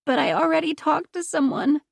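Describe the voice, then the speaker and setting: Woman doing a crying teen girl, high pleading voice, gravelly edges, dry sound. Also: a little slow, dry recording. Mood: tearful, pleading. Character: teenage girl, injured and frightened.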